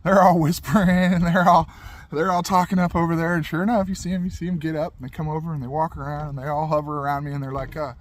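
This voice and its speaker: A man's voice: a little high, fairly even intonation, quick pace, slight background noise. Rambling young man telling a story. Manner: rambling, repetitive, laid-back. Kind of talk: casual personal storytelling.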